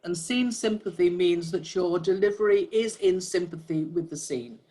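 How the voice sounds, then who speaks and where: Measured audio description trainer on a call. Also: mid-range voice, mellow. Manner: measured, explanatory, frequent fillers and restarts. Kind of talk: giving feedback in a workshop.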